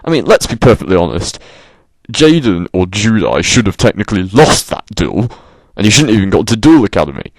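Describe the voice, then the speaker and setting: A man's voice: fairly low pitch, very animated, a little fast, no room sound. A man delivering an exasperated, sarcastic rant and swearing freely. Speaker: vlogger. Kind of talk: ranting monologue.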